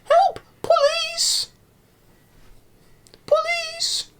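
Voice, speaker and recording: A man putting on a shrill high falsetto as an elderly woman screaming frantically for the police. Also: wildly swooping pitch, a little fast, heavy background noise, heavily acted. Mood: panicked shrieking. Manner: frantic, shrieking.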